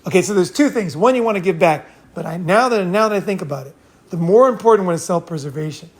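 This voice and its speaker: A man's voice: high voice, animated, quick pace. A man hosting a casual talk, telling rambling stories with frequent laughs and swearing. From California. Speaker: host. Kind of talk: casual storytelling and advice.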